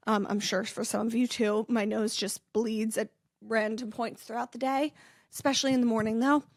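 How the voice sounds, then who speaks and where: A woman's voice: a little high, little pitch movement, normal speed, dry recording, studio quality. A heavily pregnant young woman hosting a casual vlog, rambling and chatty with frequent laughs. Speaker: influencer and podcast host. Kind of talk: casual chat.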